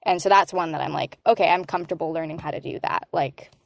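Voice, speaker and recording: Lively, laughing American woman voice actor. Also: low-pitched, fast talker, gravelly, dry recording, clean studio sound. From Hispanic American. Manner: animated, laughs often, talks with her hands in words, many "like" fillers. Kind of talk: casual interview chat.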